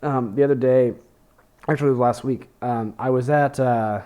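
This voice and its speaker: A man's voice: medium pitch, fairly even intonation, normal speed, warm tone, clear, resonant tone. Young man, podcast host, rambling, profane, self-deprecating. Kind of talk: casual comedic monologue.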